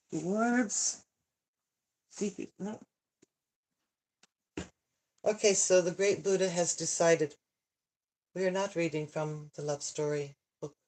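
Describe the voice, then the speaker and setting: A woman's voice: on the low side, a little mellow. Older lady channel host rambling before a book reading, cuts herself off a lot, theatrical groans. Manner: rambling, self-interrupting, dramatic sighs and complaints. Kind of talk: casual live chat and reading.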